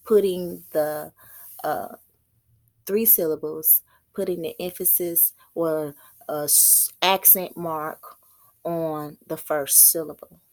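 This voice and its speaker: A woman giving an informal religious teaching, halting and repeating words as she thinks aloud. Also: low voice, steady tone, a little mellow. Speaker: prophetess.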